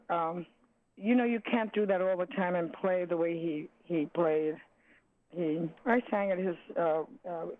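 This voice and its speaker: Older woman, jazz singer, halting, restarts, tinny phone line. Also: fairly low pitch. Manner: halting, searching for words, many restarts. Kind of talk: reminiscing interview.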